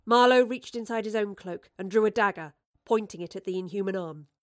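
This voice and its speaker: A woman narrating a fantasy audiobook in a measured storytelling manner. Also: medium pitch, no echo, studio quality. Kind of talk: scripted narration.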